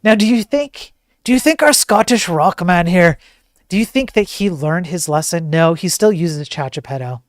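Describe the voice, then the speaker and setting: A man's voice: sits high, moderate pace, no echo, clean studio sound. A man hosting a streamed commentary show, talking in a sarcastic, joking way. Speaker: host.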